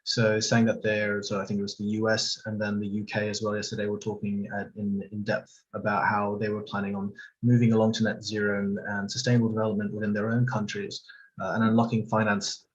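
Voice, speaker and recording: A man's voice: on the low side, completely flat delivery, fairly quick, muffled recording, slight background noise. A man on a video call discussing climate finance in a live online panel, hesitant and hedging with lots of fillers. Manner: hesitant, full of fillers and hedges.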